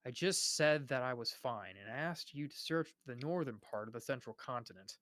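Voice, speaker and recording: A man voicing a tense middle-aged father in a live book reading, speaking quietly. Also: medium pitch, expressive, moderate pace, no echo, studio quality, natural voice. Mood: subdued.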